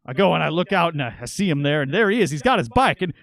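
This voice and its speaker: A man's voice: a little high, big pitch swings, racing, vocal fry, a bit bright. A man in his late thirties from Minnesota, telling rambling, profane stories as a podcast guest. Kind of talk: casual storytelling.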